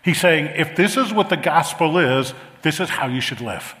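A middle-aged man preaching a sermon as pastor, animated and repeating phrases for emphasis. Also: a little high, normal speed. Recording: long reverb of a large hall.

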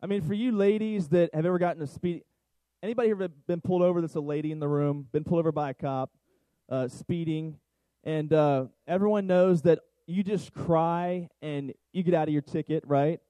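A middle-aged pastor with a rather high, warm voice speaks a little fast with fairly even intonation, in a poor recording lacking room sound. His sermon is conversational, and he asks the congregation questions.

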